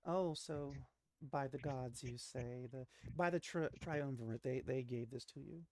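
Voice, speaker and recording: A man's voice: mid-range voice, unhurried, darkish tone, no room sound, lightly acted. A man doing a catty snide royal sister. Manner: catty and condescending.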